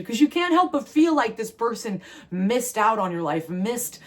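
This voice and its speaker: A woman's voice: on the high side, expressive. A woman from New Jersey, a tarot reader, giving a spiritual channeled message in an earnest, rambling, emotional way. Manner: earnest, rambling, emotional delivery in quick bursts.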